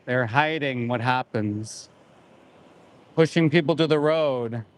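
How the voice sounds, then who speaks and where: Somber slow-talking man outdoors. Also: medium pitch. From Canada. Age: 40s. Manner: somber, indignant, repeating short phrases. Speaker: animal rights activist livestreaming. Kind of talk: live outdoor commentary. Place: outdoors by a roadside.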